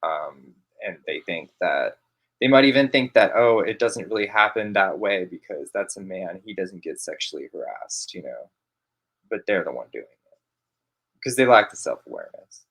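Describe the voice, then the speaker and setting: Low-voiced texan dude, pitch swings around a lot, thinking out loud as a guest. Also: male voice, lively intonation, normal speed, vocal fry, slightly rough. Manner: thoughtful, rambling with fillers. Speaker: podcast guest. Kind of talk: casual chat.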